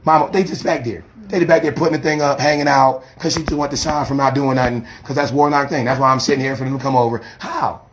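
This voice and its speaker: A man's voice: mid-range voice, steady tone, fast, few pauses, slight background noise. A man, a street preacher, arguing on a phone camera in an agitated, rambling, defensive way and pleading with older women. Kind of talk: heated confrontation filmed on camera.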